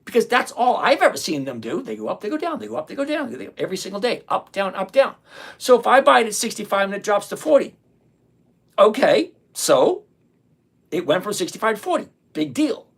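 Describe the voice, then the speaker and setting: A retired, older investing host talks casually to a live-stream audience, reading comments out and firing back with blunt sarcasm and plenty of repeated phrases for emphasis. The medium-pitched voice has a breathy edge, big pitch swings, and a fairly quick pace.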